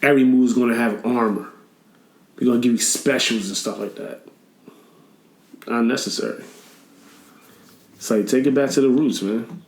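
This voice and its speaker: A man chatting casually as a podcast guest, animated and laughing often as he tells stories. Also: medium pitch, normal speed, long pauses. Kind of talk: casual chat. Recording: echoey room.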